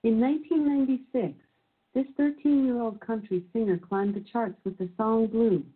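A woman's synthesized assistant voice reading quiz clues and verdicts in a measured, even announcer manner. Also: on the high side, husky. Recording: tinny phone-like sound.

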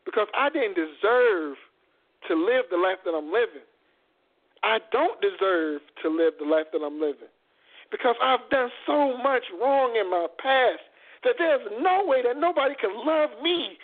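Fervent male co-host, very high voice, stumbling restarts, tinny line. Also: lively intonation, moderate pace. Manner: fervent, repetitive, stammering restarts. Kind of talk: impassioned faith talk. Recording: phone-like lo-fi audio.

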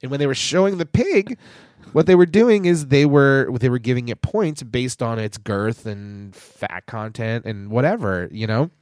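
A man's voice: medium pitch, lively intonation, normal speed, darkish tone, no room sound, studio quality. A man co-hosting a podcast, telling stories animatedly in casual chat, swearing and acting out family voices. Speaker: podcast co-host.

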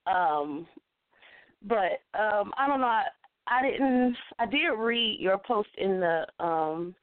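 Over a tinny, dry phone line, a woman caller recites a spoken-word poem she wrote, in a rhythmic, rhyming, conversational style. Her mid-range voice is expressive and unhurried, with no echo.

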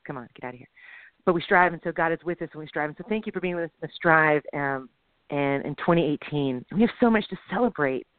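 A woman co-hosting a podcast, chatting in an animated, self-deprecating way. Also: low voice, fast, no room sound. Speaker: podcast co-host. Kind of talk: casual chat. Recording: dry, tinny phone line.

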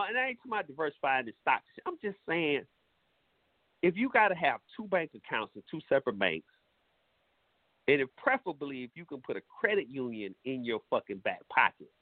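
A man's voice: mid-range voice, dry recording. A man hosting a talk show, giving blunt, profane advice in a preachy, casual monologue. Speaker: radio show host. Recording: tinny phone-like sound.

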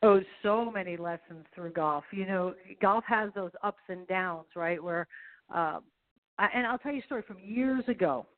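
A woman's voice: on the low side, moderate pace. A middle-aged woman, a golf professional and speaker, talking as an upbeat, motivational radio interview guest. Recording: tinny phone line.

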